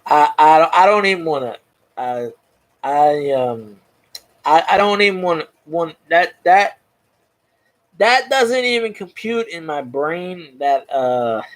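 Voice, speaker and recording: Lively high-voiced man ranting about sports. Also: slow. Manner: animated, profane, stumbling restarts. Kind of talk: casual ranting sports chat.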